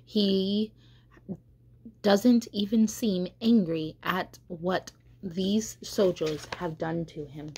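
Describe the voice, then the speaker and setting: A woman's voice: fairly low pitch, very slow, dark tone, breathy edge, exaggerated voice. A woman voicing a proud young male tree, anxious and pleading as he wonders aloud in a storybook. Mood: troubled.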